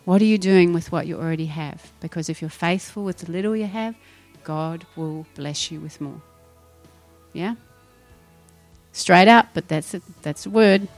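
Animated woman preaching over soft music. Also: on the low side, moderate pace. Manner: animated, rhetorical questions, acts out quoted voices. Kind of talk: sermon.

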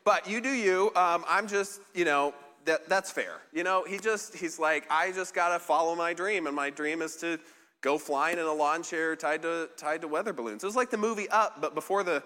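A pastor delivers a relaxed, conversational sermon in a bright, lifted, slightly high voice at a normal speed, with lingering reverb from the large hall. He's chatty and self-deprecating, rambling, stopping and restarting with plenty of ums and likes.

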